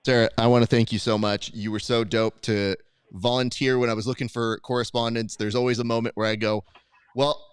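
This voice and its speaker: Guy hosting a stream, teasing his guests, smooth clear voice. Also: on the low side, dry recording, clean studio sound. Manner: joking, teasing. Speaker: podcast host. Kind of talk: casual live-stream banter.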